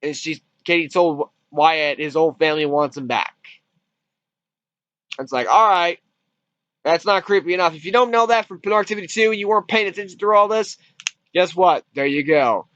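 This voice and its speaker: Guy reviewing a movie, kinda high voice, swears a lot, keeps restarting, dry lo-fi sound. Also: normal speed, a bit bright, no room sound. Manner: rambling retelling with frequent restarts and fillers; casual, swears freely. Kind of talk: casual spoken movie review. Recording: dull lo-fi dry recording.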